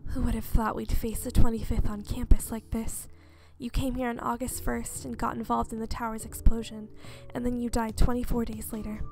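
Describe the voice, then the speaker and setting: A woman reading a game's gentle, protective young male lead in a breathy, hushed whisper. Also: on the high side, natural voice. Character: gentle protective young man, anxious and tender.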